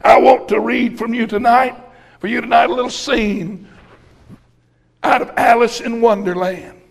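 A middle-aged man preaching a folksy, rousing sermon, often breaking into shouts. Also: very high-pitched, steady tone, a little slow, gravelly.

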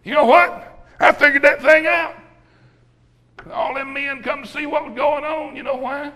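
A middle-aged man preaching a folksy, rousing sermon, often breaking into shouts. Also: very high voice, fairly even intonation, unhurried, faint music behind.

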